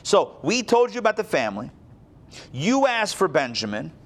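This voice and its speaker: A man voicing Judah, a grown man pleading earnestly yet forcefully before a ruler. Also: high voice, big pitch swings, moderate pace, voice pushed up, heavily acted.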